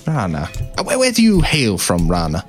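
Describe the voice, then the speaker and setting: A man's voice: fairly low pitch, huge pitch swings, soft background music. A man voicing a guarded, proud male owner of racing dinosaurs, speaking formally with hesitations. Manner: halting, formal.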